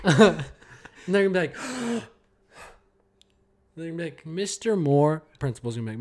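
A man's voice: on the high side, big pitch swings, normal speed, long pauses. Opinionated man who laughs a lot. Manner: opinionated, laughs often, acts out quoted voices. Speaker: podcast co-host. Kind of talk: casual chat.

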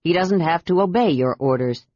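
A woman voicing a gentle, worried male knight who pleads softly, in an audiobook. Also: lowish voice, animated, normal speed, no echo, dull audio. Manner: pleading, soft.

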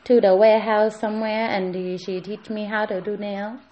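A woman's voice: fairly high pitch, moderate pace, roomy sound, highs cut off, a little hiss or hum, lightly acted. A woman voicing a chatty female nail-and-hair assistant who talks in broken English, eager and apologetic, in an improvised comedy sketch.

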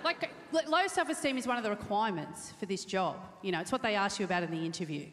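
A woman's voice: mid-range voice, lively intonation, quick pace, a bit bright. A woman doing a self-deprecating stand-up comedy set on a theatre stage, often acting out the voices of other people. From Australia. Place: large theatre stage before a live audience. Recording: echoey theatre with long reverb and crowd.

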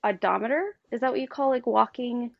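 A woman's voice: on the high side, unhurried, no room sound, muffled recording. A woman in her thirties, a guest in a casual chat, rambling through a story with plenty of fillers and giggles. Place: on her bed.

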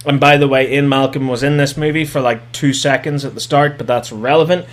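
A man recapping a movie comedically, animated and sarcastic, swearing heavily. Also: mid-range voice, fairly quick, few pauses.

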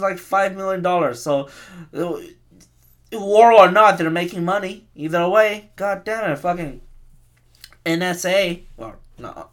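A man's voice: high voice, a bit bright. Rambling, profane man in his twenties. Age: 20s. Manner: rambling, profane, self-mocking. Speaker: podcast host. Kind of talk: casual profane rant.

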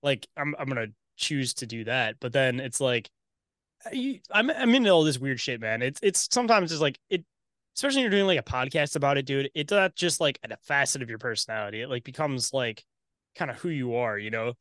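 A man's voice: mid-range voice, expressive, a little fast, a bit bright, no room sound, studio quality. A man talking as a podcast guest in casual chat, loose and rambling, swearing a lot and calling his host "dude".

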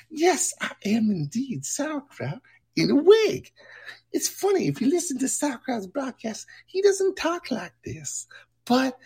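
A man's voice: darkish tone, slightly rough, exaggerated voice. A man doing a campy sassy woman producer. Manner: high campy falsetto, brash and teasing. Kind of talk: livestream character bit.

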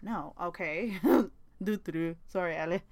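A woman's voice: lowish voice, moderate pace, dry recording. Chatty young woman, dry close sound. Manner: rambling, chatty, swears freely, laughs often. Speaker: podcast host. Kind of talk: casual chat.

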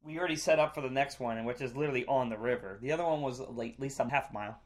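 A man chatting casually on a podcast, an animated storyteller who swears freely and loudly acts out the people he quotes. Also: medium pitch, racing. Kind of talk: casual chat. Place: vacation spot by a lake.

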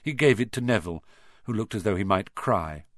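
A man reading a children's fantasy novel aloud as narrator in an expressive, lively way. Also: lowish voice, fairly quick, no echo, clean studio sound. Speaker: audiobook narrator. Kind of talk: scripted narration.

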